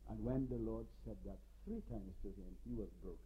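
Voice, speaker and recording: A man's voice: lowish voice, fairly quick, warm tone, husky, lo-fi sound. A man preaching a sermon, telling stories dramatically and with emphasis.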